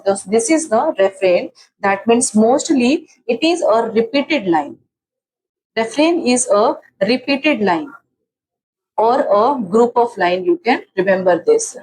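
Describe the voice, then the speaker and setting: A woman's voice: on the high side, expressive, a little slow, darkish tone, breathy edge, rough recording. A woman teaching literary terms in an exam-prep lecture, restating each definition several times with fillers and restarts. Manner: explains by repeating definitions.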